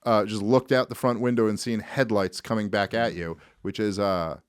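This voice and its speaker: A man in his thirties, a podcast co-host, telling a story in casual chat, animated and swearing freely. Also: fairly low pitch, moderate pace, clean tone, dry recording, studio quality.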